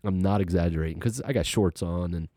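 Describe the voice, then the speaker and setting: A middle-aged man casually telling a personal story, animated and acting out what people said. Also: sits low, fast talker, no echo, studio quality. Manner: animated, acts out quoted voices, laughs while telling.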